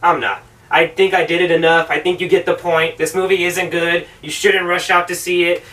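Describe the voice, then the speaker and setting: Male vlog host, sharp bright tone, profane and exasperated film critic, slightly distant mic. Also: fairly high pitch, flat delivery, normal speed. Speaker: film reviewer, show host. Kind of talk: ranting film review.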